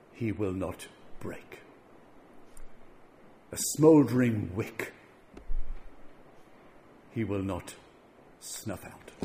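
A man's voice: on the high side, a little mellow. Earnest man preaching a sermon. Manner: earnest, repeats words while building a point.

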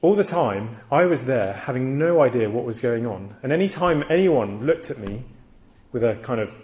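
A man's voice: medium pitch, animated, normal speed, darkish tone. A man preaching a sermon, earnest and emphatic, telling a story and building to repeated phrases.

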